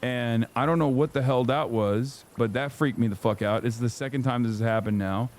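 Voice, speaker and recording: At a moderate pace, a streamer in his thirties spins a story for his livestream audience, animated, casual and full of profanity. Quotes come out in high-pitched voices.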